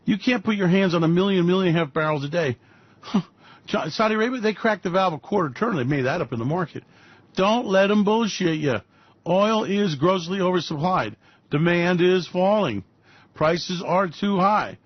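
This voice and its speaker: A man's voice: high voice, animated, moderate pace, no room sound. Profane, sarcastic ranting man. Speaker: radio show host. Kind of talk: ranting market commentary. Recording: dull dry lo-fi recording.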